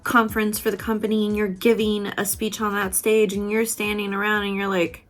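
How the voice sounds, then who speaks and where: A woman giving a casual, candid motivational talk while doing her makeup, swearing freely and laughing often, moving between loud outbursts and soft, gentle passages. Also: medium pitch, little pitch movement, fairly quick, faint music behind. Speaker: beauty vlogger.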